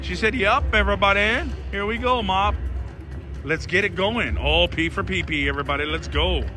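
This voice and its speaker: A man's voice: high-pitched, moderate pace, music in the background. A man giving casual live commentary while gambling at a casino slot machine, talking to his viewers in a dramatic, theatrical way.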